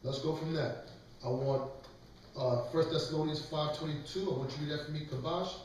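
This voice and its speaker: A man preaches and leads a scripture class, lecturing with emphasis and asking others to read. His voice is fairly high, fairly quick and fairly even in intonation, with a darkish tone; the echoey room and far-off mic add a little hiss or hum.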